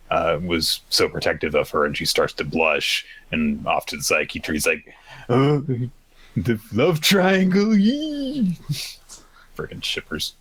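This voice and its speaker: Deep-voiced man recapping manga casually. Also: bright, forceful tone, slightly rough, dry recording. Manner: rambling, acts out characters' lines with pitched-up quotes. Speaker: podcast co-host.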